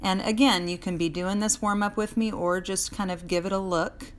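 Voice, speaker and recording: A woman's voice: mid-range voice, steady tone, normal speed. Chatty woman teaching drawing. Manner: chatty, encouraging, talks while drawing and answers viewers by name. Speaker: art teacher. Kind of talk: live drawing lesson for children. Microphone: phone held in hand.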